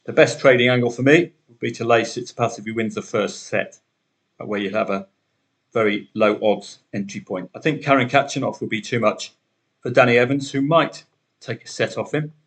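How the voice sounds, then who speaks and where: A man's voice: medium pitch, normal speed. A man hosting a solo betting podcast, talking through the day's matches in a chatty way with wry asides.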